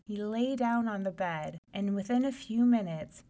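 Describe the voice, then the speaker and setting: A woman reading a fairy tale aloud in an expressive, animated storytelling style. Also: mid-range voice, moderate pace.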